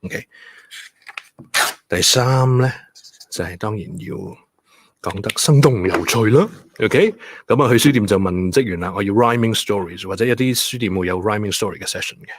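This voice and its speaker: A man's voice: lowish voice, normal speed, no room sound. A man with a Hong Kong English accent, reading a bedtime story to children and teaching them about rhyme. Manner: animated, code-switching, stressing words for children.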